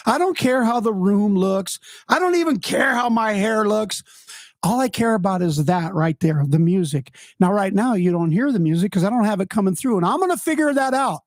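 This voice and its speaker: A man's voice: high-pitched, lively intonation, moderate pace, no echo. A man hosting a casual, unscripted live stream from his home studio, rambling and poking fun at himself. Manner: rambling, self-deprecating, chatty. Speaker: host of a music podcast and live stream. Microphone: headphones on, desk mic.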